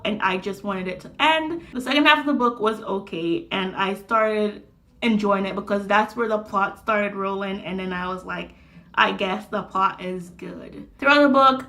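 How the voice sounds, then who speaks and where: A woman's voice: on the high side, bright, forceful tone. A young woman talking casually about a book she is reading, slangy and swearing freely as she rants. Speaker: book reviewer. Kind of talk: casual book review vlog.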